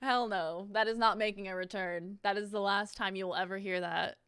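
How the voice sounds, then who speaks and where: A woman's voice: medium pitch, steady tone, fairly quick, noisy background. A young woman streaming at home, chatting casually in a giggly, rambling and self-deprecating way as she reacts.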